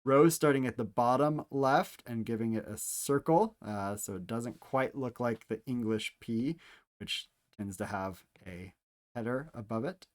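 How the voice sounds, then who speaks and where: A man teaching how to handwrite Greek letters, calmly explaining each stroke step by step, with playful asides now and then. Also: medium pitch, measured pace. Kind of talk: handwriting tutorial instruction.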